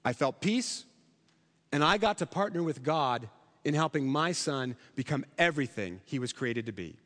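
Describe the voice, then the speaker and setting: A man's voice: a little high, expressive, normal speed, fairly bright tone, in a large hall. A middle-aged male pastor preaching a sermon in a conversational, storytelling way with rhetorical questions.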